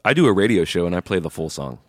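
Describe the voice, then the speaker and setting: A man's voice: deep voice, big pitch swings, quick pace, dry recording, clean studio sound. A man co-hosting a podcast in casual comedic chat, talking emphatically and swearing. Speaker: podcast co-host.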